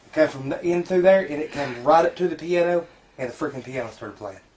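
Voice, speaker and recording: A man's voice: a little high, a little fast, darkish tone, far from the mic. A young man, cursing and rambling on a home video in a house at night. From Tennessee, US. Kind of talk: shaken home video talk. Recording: noisy home camcorder, from afar.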